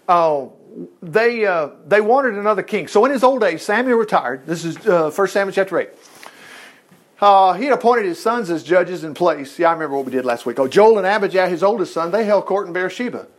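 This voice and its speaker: A middle-aged man teaching from the Bible in a folksy, rambling way, full of asides and exclamations. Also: high voice. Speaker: preacher.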